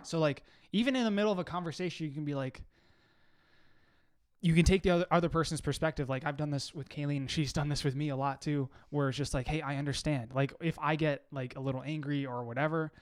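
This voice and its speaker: A man's voice: a little high, fairly even intonation, fast talker, clean tone. A young man co-hosting a podcast, talking earnestly and casually with many "like"s and restarts. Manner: earnest, filler-heavy, lots of "like". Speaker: podcast co-host. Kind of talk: casual chat.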